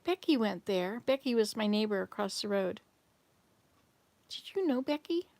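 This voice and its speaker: A woman's voice: medium pitch, animated, moderate pace, gravelly, darkish tone, dry recording. An older woman hosting a casual livestream, rambling through memories and answering viewers' comments as she goes. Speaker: livestream host reading chat. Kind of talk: casual live chat. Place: home, in Canada.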